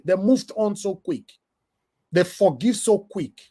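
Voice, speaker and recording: A man from the UK with a Nigerian Pidgin accent, giving an animated, emotional commentary rant. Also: high voice, takes it slowly. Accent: Nigerian Pidgin English. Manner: animated, emotional, switching from loud to soft. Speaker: vlogger.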